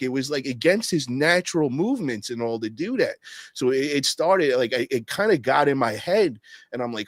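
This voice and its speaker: A man's voice: medium pitch, expressive, a little fast, dry recording. A man hosting a podcast, telling stories in a loose, slangy way with lots of swearing. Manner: loose, profane storytelling with slang. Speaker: podcast host. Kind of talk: casual podcast chat.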